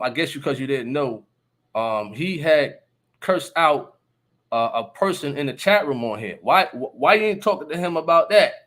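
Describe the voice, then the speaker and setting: A man's voice: fairly high pitch, fairly bright tone. A man hosting a casual live stream, talking emphatically and often asking listeners if they understand. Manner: laughs between remarks. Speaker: livestream host.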